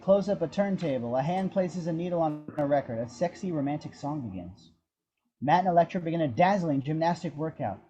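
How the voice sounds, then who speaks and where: Guy reading out script action lines, steady, kinda muffled recording. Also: on the high side. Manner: steady, descriptive storytelling. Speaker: narrator reading action description. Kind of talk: scripted narration.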